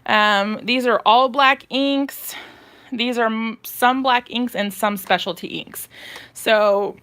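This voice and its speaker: A woman's voice: fairly high pitch, slow, fairly bright tone, clear, resonant tone. A woman, chatting on a live stream as she tours her home craft room, slightly out of breath and rambling with fillers. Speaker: craft channel host.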